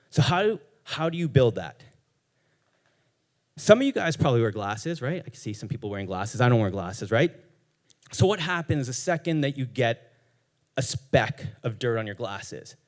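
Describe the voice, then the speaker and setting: A young man with a somewhat high voice gives a motivational talk from a stage. He swears often and hammers his points home with rhetorical questions aimed at the audience. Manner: emphatic, profane, asks the crowd rhetorical questions. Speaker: speaker at a live storytelling event.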